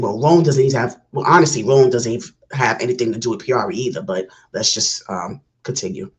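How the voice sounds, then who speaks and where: A woman's voice: rumbling low, low-quality recording. Passionate woman giving commentary. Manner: passionate, talks it through with restarts. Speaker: reaction video host. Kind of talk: casual commentary on a skit.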